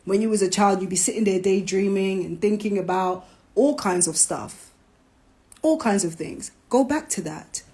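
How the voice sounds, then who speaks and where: A woman hosting a live stream, talking casually, animated and preachy, with playful jabs. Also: mid-range voice. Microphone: phone.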